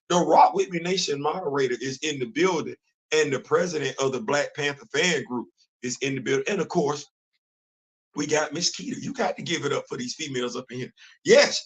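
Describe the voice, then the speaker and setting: A man hosting a casual live-stream chat about comics and culture, animated and repeating phrases for emphasis. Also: high-pitched, low-quality recording.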